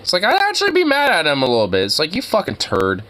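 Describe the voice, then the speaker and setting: Bright, exasperated rambling man. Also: high-pitched, wildly swooping pitch, very fast, slight background noise. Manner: rambling, exasperated, lots of filler words. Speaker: co-host reacting to a video. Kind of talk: casual profane reaction commentary.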